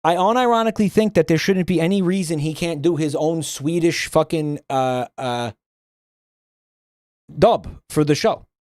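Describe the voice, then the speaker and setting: A man's voice: a little high, normal speed, a little mellow, no room sound, studio quality. A man streaming, ranting bluntly and swearing a lot in casual livestream commentary.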